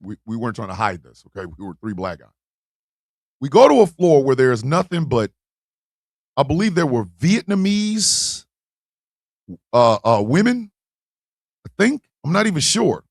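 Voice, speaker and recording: A man hosting a podcast, telling a comic story in a lively, profane way and acting out the voices of the people in it. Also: mid-range voice, normal speed, creaky, long pauses, dry recording, studio quality. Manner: animated, profane, acts out voices in his stories. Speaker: podcast host. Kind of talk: comedic storytelling.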